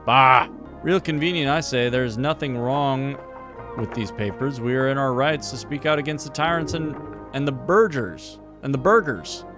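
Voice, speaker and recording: A man voicing a gruff, grumbling male dwarf who blusters indignantly, with faint music behind. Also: mid-range voice, expressive, moderate pace, close to an everyday voice.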